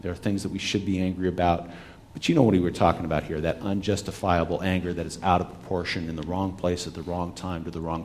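A low-pitched, darkish voice belongs to a man preaching as a pastor. His sermon is conversational and full of rhetorical questions, and he talks back with his listeners.

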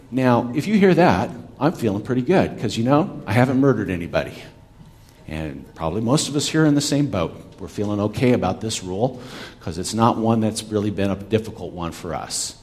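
His voice sits on the low side and is a little mellow as this pastor preaches. He keeps the sermon conversational, asking rhetorical questions and trading words with his listeners.

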